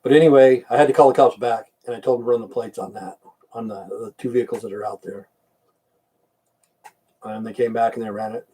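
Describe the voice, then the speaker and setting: A man's voice: medium pitch, steady tone, fairly quick, long pauses, mellow, breathy edge, far from the mic. An older man hosting a casual livestream, rambling in blunt, profane rants. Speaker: livestream host.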